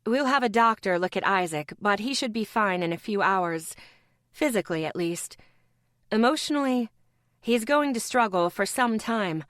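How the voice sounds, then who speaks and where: A woman voicing a kind pregnant healer who talks in a gentle, teasing way, close to her own voice. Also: medium pitch, expressive, normal speed, no room sound, natural voice.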